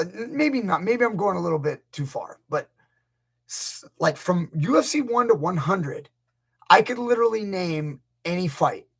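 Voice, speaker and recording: A man's voice: sits high, breathy edge. A man, a grappling coach hosting a casual live stream, rambling through stories and acting out what people said. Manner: rambling, storytelling, acts out quotes. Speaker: grappling coach, channel host.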